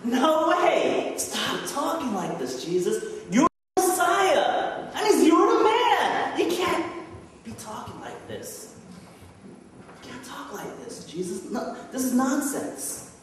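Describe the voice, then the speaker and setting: A preacher acting out an indignant disciple. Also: male voice, very high voice, slow, a little hiss or hum, voice pushed up, exaggerated voice. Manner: excited, incredulous outburst. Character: protesting adult male disciple, brash and indignant. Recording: echoey church hall from far off.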